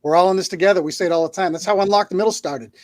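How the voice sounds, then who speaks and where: Quick high-voiced male host. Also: dry recording. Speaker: podcast host. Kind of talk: casual interview hosting.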